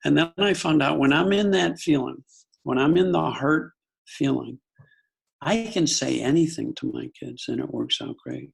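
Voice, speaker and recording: An older man from the United States, a psychologist and podcast guest, telling a personal story in a calm, earnest way with frequent self-corrections. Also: mid-range voice, vocal fry, breathy edge, poor audio. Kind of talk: reflective storytelling in an interview.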